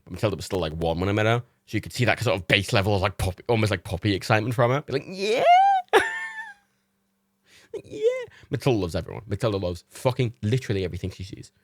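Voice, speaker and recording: A man's voice: lowish voice, very fast, hardly any pauses, no room sound, studio quality. A young man hosting a livestream, chatting in a casual storytelling way, laughing often and swearing casually. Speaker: livestream host.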